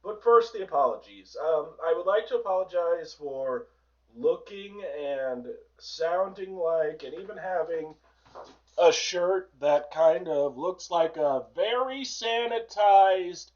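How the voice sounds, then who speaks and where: Brief: hoarse male host, sarcastic and profane, a bit high-pitched, muffled and far off. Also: slow. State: hoarse from a sore throat. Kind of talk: ranting political commentary.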